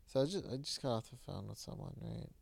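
Late-20s man, podcast co-host; tired, gravelly, rambling frustrated chat. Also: lowish voice, lively intonation, quick pace, darkish tone. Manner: rambling, profane, frustrated venting. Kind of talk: casual chat.

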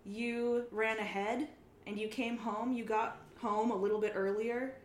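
Woman w a higher voice, teasing casual podcast chat, echoey room. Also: fairly even intonation, measured pace. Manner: chatty, teasing banter. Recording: roomy echo.

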